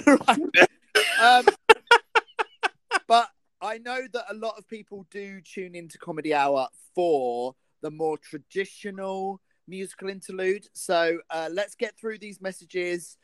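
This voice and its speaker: A man co-hosting a comedy show, bantering in a jokey, animated way with quick asides. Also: high-pitched, smooth, no echo.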